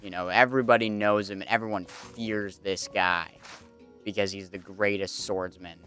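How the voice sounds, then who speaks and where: A man's voice: on the low side, fairly even intonation, moderate pace, fairly bright tone, soft background music. A man streaming a game, chatting casually and rambling with many fillers. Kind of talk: casual commentary while gaming.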